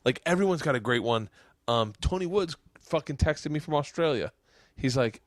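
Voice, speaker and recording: A man hosting a podcast, telling comedy stories in animated casual chat, swearing and acting out voices and band sounds. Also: fairly high pitch, moderate pace, no room sound, clean studio sound. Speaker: podcast host.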